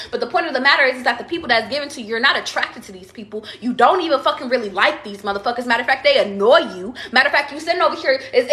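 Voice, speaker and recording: A woman's voice: high voice, sharp tone. A young woman giving a blunt, profane, fired-up rant as a tarot vlogger, preaching straight to her viewers. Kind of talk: ranting vlog monologue. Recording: echoey room.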